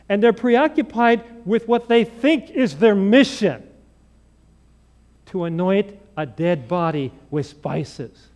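A man with a high voice preaches a homily and builds it around a story. He tells it in an animated way, acting out the dialogue with lively ups and downs. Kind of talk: sermon storytelling.

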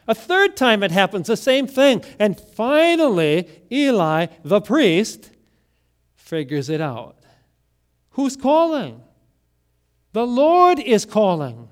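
A man preaching a sermon in a high voice, moving deliberately from loud emphasis to hushed, quiet lines. His delivery is slow and measured. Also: very animated. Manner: deliberate, with dramatic swings between loud emphasis and near-whispered lines. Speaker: pastor.

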